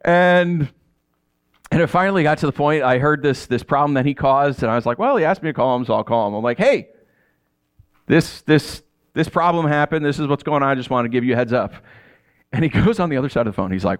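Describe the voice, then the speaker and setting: Animated male preacher telling stories. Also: fairly high pitch, fairly quick, clean tone. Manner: storytelling, animated, acts out dialogue. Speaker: pastor. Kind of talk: sermon.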